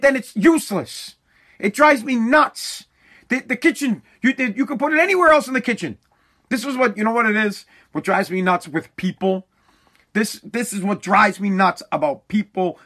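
Exasperated high-voiced man ranting. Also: pushed and bright. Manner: exasperated, profane, repeats himself. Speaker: father ranting. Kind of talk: casual comedic rant.

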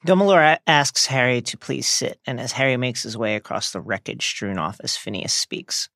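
A man co-hosting a book-discussion podcast, speaking in a measured, conversational way with wry asides. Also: medium pitch, expressive, gravelly, bright, forceful tone, no room sound, studio quality. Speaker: podcast co-host.

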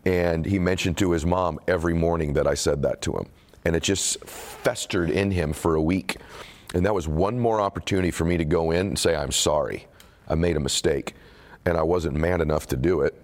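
Deep-voiced man telling an earnest story. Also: fairly even intonation, brisk, darkish tone. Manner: earnest, emotional, reflective. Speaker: author being interviewed. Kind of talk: candid conversational storytelling.

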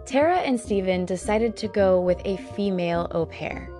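A woman's voice: mid-range voice, lively intonation, normal speed, dark tone, soft background music. A woman casually narrating a true crime story, blunt and sarcastic, swearing in her asides.

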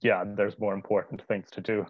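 Hesitant, low-voiced young man. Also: flat delivery, normal speed, no echo. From United Kingdom. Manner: hesitant, frequent "uh" fillers. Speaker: interview guest. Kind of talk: casual conversational interview. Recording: dull lo-fi remote audio.

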